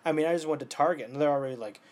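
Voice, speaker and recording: A man in his twenties talking casually in an animated way, swearing often and swinging between loud outbursts and near-whispers. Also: a little high, very fast. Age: 20s. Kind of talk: casual monologue.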